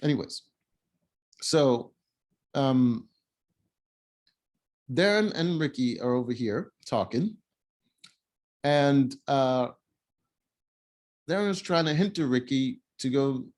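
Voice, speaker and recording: A man's voice: mid-range voice, animated, takes it slowly, long pauses, darkish tone. A man giving casual, opinionated commentary while reviewing a reality show, blunt and mocking.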